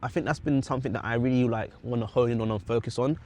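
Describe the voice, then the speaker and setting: A man's voice: medium pitch, fast talker, darkish tone. A man talking earnestly and reflectively in a casual personal vlog, sometimes repeating words for emphasis. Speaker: vlogger.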